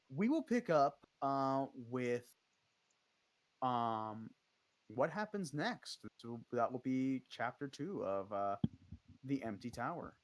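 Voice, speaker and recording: A man runs a tabletop game as game master, talking casually and filling pauses with ums. His voice sits at a middle pitch and sounds dry and close. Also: dry recording. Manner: casual, many fillers.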